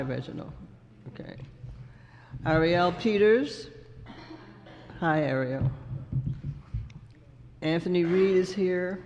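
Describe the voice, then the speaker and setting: A man calls names for a roll call at a slow, unhurried pace, plain and polite. His fairly high voice trails into a long reverb. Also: a little mellow. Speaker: meeting chair taking roll call.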